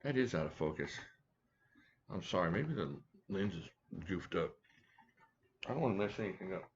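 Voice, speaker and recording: A man's voice: sits low, lively intonation, normal speed, pauses often, lo-fi sound, slight background noise. A man hosting a casual live stream from home, chatting and joking with viewers by name. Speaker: live stream host reviewing knives. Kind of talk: casual live chat reading viewer comments. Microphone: desk mic at a home setup.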